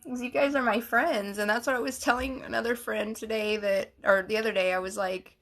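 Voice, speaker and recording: Chatty bright-voiced woman. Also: fairly high pitch, fairly even intonation, a little fast. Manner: chatty, giggly, gushing. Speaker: livestream host. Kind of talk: casual livestream chat reading comments.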